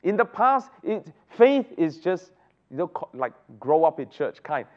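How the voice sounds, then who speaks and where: A man's voice: fairly high pitch, very animated, measured pace. A man teaching a Bible study, often asking the group rhetorical questions. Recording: dull lo-fi recording.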